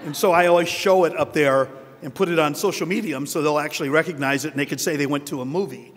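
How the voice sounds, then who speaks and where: A man's voice: fairly high pitch, fast. Wry older man speaking at a podium. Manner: wry, self-deprecating, anecdotal. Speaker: award recipient giving acceptance speech. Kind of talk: humorous acceptance speech. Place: large hotel ballroom at a conference. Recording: long hall reverb.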